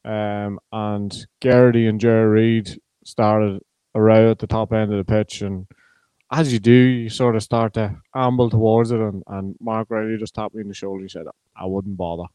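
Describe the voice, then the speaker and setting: Low, flat-voiced Irish pundit. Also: male voice, smooth, no room sound, poor audio. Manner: measured, hesitant with frequent ums. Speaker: pundit, former player and college coach. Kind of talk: casual sports chat.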